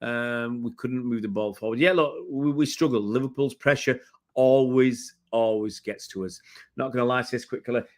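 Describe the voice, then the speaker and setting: A man's voice: medium pitch, normal speed. A middle-aged man hosting a fan channel's casual live-stream match review, chatting in a rambling way and answering viewer comments as he reads them out. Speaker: football fan channel host.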